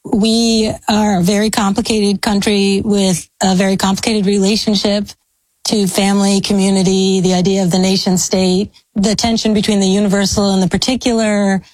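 A woman's voice: mid-range voice, level tone, moderate pace, a little mellow, no echo, poor audio. An American woman historian giving long, thoughtful, academic answers in an interview. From United States. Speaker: historian, guest. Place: speaking from a law school.

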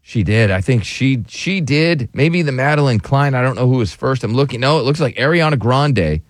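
A man's voice: mid-range voice, expressive, moderate pace, dry recording, clean studio sound. A man hosting a radio show, chatting casually with a co-host and laughing often. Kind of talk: casual morning show banter.

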